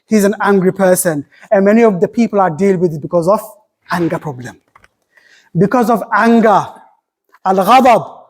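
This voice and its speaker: A man's voice: high-pitched, animated. Impassioned preacher man, repeating for emphasis. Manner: recites Arabic quickly. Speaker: imam giving Friday sermon. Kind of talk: sermon.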